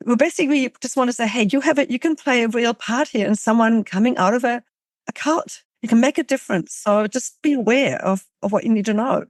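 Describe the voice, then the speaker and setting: A woman's voice: on the high side, dry recording, studio quality. A middle-aged woman from Germany, a journalist guest speaking earnestly and thoughtfully in a podcast interview, often restarting her sentences.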